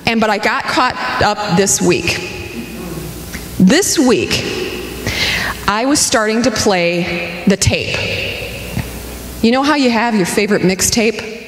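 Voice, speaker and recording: A woman's voice: mid-range voice, takes it slowly, pauses often, a little hiss or hum. A woman in her forties giving a candid, humorous sermon as a spiritual director, telling personal stories. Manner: lively, candid, humorous storytelling. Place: spiritual community sanctuary. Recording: echoey hall with long reverb.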